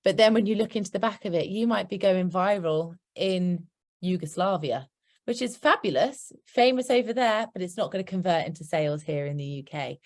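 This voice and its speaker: A woman's voice: on the low side, animated, fairly quick, darkish tone. A woman with a British accent presenting a marketing workshop in an upbeat, practical way, with chatty asides. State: hiccuping. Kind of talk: instructive presentation.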